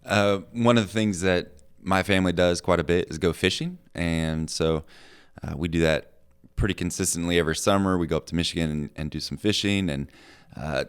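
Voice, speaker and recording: A father in a casual podcast chat, speaking calmly with a few fillers. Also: low voice, clean tone. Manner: calm and unhurried with fillers. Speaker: parent guest.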